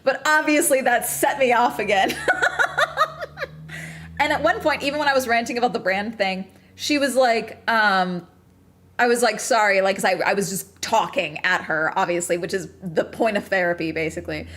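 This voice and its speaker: A woman streamer venting on a casual livestream, still clearly agitated. She rants fast and swears freely, breaking into short laughs between complaints. Her pitch sits in a typical middle range for a woman. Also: a bit bright. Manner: profane, fast ranting with bursts of laughter.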